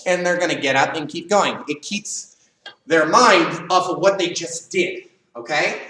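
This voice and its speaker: Man, karate instructor, bright higher voice, animated, far from the camera mic. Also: a little slow. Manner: animated, acts out students' cries. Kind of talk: live online class teaching. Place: karate studio, echoey room. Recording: echoey room, voice far from mic.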